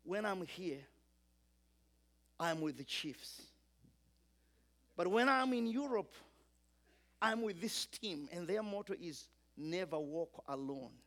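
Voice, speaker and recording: A man's voice: high voice, lively intonation, slow pace, pauses often, fairly bright tone. A man preaching a sermon, emphatic, building through repeated lines and calling on the congregation to repeat after him.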